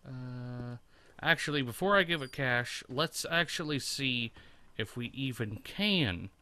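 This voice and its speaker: Animated and a little slow, a man with a medium-pitched, sharp-toned voice narrates his let's play. He rambles, thinks aloud, and curses freely in casual gameplay commentary.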